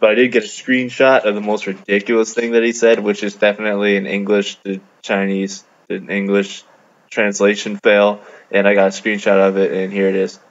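A man's voice: fairly low pitch, monotone, fairly quick. A man from Canada casually recounting a game encounter, laid-back and amused, with lots of fillers. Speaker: gamer narrating a video. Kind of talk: casual storytelling over gameplay. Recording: dull lo-fi mic.

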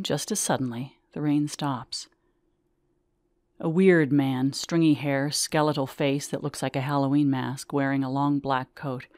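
A woman reading her own memoir aloud in measured, vivid first-person storytelling. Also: very deep voice, darkish tone, no echo, studio quality.

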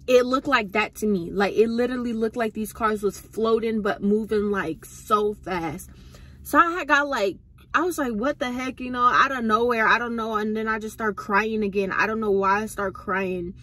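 A woman's voice: a little high, moderate pace, bright, forceful tone. Young woman vlogging, slangy storytime, keeps saying y'all to viewers. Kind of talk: casual storytime to camera.

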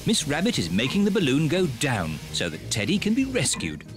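A man narrates a children's cartoon in a calm, matter-of-fact way. His pitch moves a lot within each line, and loud music plays under him. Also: a little fast.

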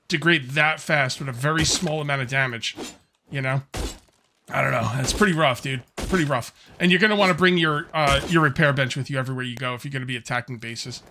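Chill gamer guy rambling thru his let's play, kinda bright tense voice, lil bit of hiss. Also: on the high side. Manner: rambling, easygoing, lots of fillers and restarts. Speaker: gameplay commentator. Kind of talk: casual let's-play commentary.

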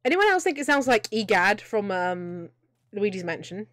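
This streamer, a young woman, narrates her video game live in a giggly, joke-filled stream of chatter, laughing often. Her mid-range voice is sing-song and fairly bright, moving at a moderate pace, captured dry with clean studio sound.

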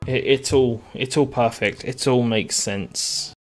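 A man with a medium-pitched voice speaks slowly as he plays a game on stream. He comments casually, with sarcastic and crude jokes on the side, while game music plays faintly behind him.

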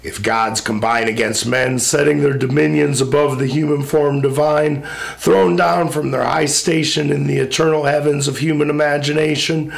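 Gravelly man reciting epic verse. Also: a little high. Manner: solemn, measured, rhythmic declamation.

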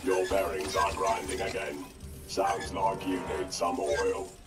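A low-voiced robot guard from a video game, chatting flatly about work. He sounds echoey and distant, under loud game music. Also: unhurried. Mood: chatty. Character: dull working-class male robot guard.

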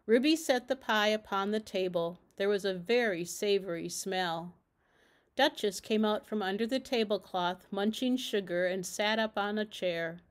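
A woman reading a classic children's storybook aloud in a gentle, measured way. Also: mid-range voice. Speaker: narrator.

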